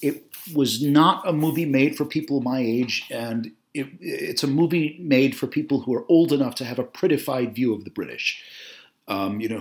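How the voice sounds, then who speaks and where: A man giving a spoken video essay on film, opinionated and talkative, with frequent fillers and self-corrections. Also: mid-range voice.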